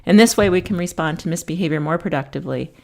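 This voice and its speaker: A middle-aged woman with a fairly low voice gives an instructional talk. She tells lively classroom anecdotes and acts out the quotes within them. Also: fast, gravelly. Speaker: teacher.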